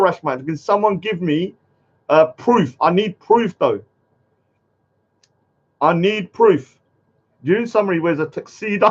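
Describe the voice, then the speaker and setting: On a live stream, a man rants heatedly and swears, tacking "yeah" onto many lines and repeatedly saying "let me say something." His voice is fairly high, and the sound quality is lo-fi.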